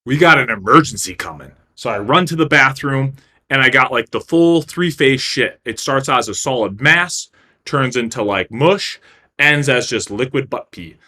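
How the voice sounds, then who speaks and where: A man's voice: medium pitch, lively intonation, unhurried, bright, forceful tone. A man casually telling a personal story, blunt and profane, acting out his own reactions along the way.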